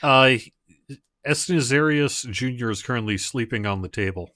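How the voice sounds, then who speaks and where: A man narrating as game master of an online tabletop game, in a relaxed, halting way. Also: mid-range voice. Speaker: dungeon master.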